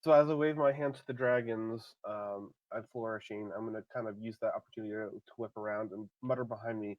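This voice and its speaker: A man's voice: fairly low pitch, fairly even intonation, quick pace, few pauses, no room sound, lo-fi sound. A man playing in a tabletop role-playing game who talks hesitantly, with restarts and laughter. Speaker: player.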